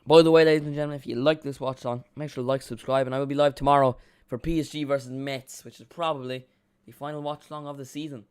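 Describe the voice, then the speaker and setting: A man streaming a live watchalong, giving casual, excitable play-by-play and chatting with his viewers, joking at his own expense. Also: mid-range voice, fast talker, few pauses, clear, resonant tone, dry recording, studio quality. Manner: chatty and excitable, jokes about himself.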